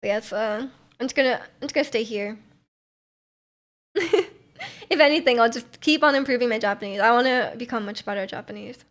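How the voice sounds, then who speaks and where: A young woman from North America with a slightly high voice chats on her livestream. She rambles, laughs easily and fills every gap with little fillers, just hanging out with viewers. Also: fairly quick, pauses often, a bit bright. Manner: rambling, filler-heavy, giggly. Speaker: livestream host. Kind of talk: casual stream chat.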